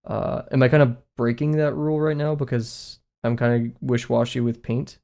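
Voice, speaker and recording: Young man, art streamer, casual rambling chat, self-mocking, gravelly voice. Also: medium pitch, fairly even intonation, normal speed, darkish tone. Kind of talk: casual live-stream chat while drawing.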